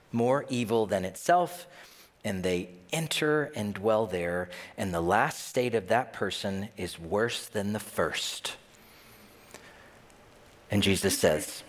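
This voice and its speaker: A man preaching a sermon as pastor, animated, swinging between loud emphatic bursts and hushed low asides. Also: unhurried. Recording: long reverb of a large hall.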